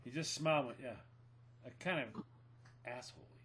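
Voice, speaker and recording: A man's voice: medium pitch, moderate pace, a bit bright, slight background noise. A middle-aged man co-hosting a casual chat, telling stories with a joking manner and frequent laughter. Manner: joking storyteller, laughs often. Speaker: podcast co-host.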